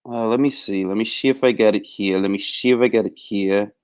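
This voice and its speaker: A man hosting a live boxing talk stream in casual, laid-back chat, shouting out viewers by name. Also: on the low side, fairly even intonation, fairly quick, clear, resonant tone.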